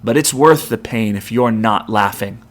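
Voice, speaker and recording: A man voicing Medea, a vengeful sorceress, speaking flat, cold and unapologetic. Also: fairly low pitch, normal speed, close to an everyday voice. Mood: cold defiance.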